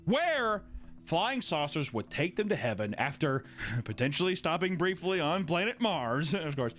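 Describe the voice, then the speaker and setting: Lively male streamer reading aloud. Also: fairly high pitch. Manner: animated, jokey, swings into mocking voices. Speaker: streamer host. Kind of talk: reading and riffing on a list, casual.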